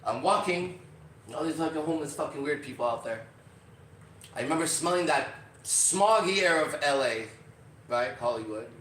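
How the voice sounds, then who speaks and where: A man hosting a podcast, telling a story in a casual, profane and animated way, acting out other people's lines. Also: on the high side, normal speed. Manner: profane, animated, acts out quotes. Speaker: podcast host. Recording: roomy, distant from mic.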